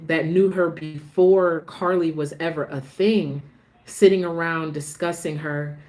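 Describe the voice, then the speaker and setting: Low-voiced woman chatting about soap episodes. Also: a little mellow. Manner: chatty, restarts sentences, gets emotional about the show. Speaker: soap opera recap host. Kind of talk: casual chat.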